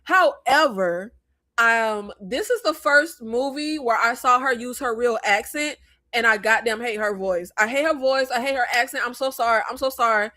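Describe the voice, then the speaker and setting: An American woman hosting a casual movie review chat, blunt and animated, with rambling asides. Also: on the high side, moderate pace. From United States. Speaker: host.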